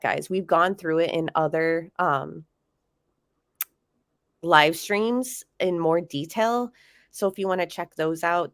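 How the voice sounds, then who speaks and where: A woman with a low, nasal, congested voice hosts a casual true-crime livestream, chatting loosely with viewers. She speaks close and dry, with no room sound. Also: no echo. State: sick, congested. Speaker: livestream host.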